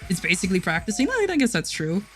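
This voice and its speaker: A woman's voice: medium pitch, huge pitch swings, quick pace, faint music behind. A woman livestreamer chatting casually with her chat, giggling often and restarting her sentences.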